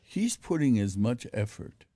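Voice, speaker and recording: A middle-aged man hosting a podcast, talking with effusive warmth and stammering restarts. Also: mid-range voice, sing-song, a little slow, no echo, studio quality. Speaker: podcast host. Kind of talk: warm casual phone interview.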